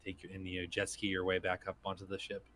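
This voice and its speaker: A man with a fairly low voice narrates a tabletop game as its game master. He talks in a relaxed, loose way and often restarts his sentences. A faint hiss sits under the recording. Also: fast.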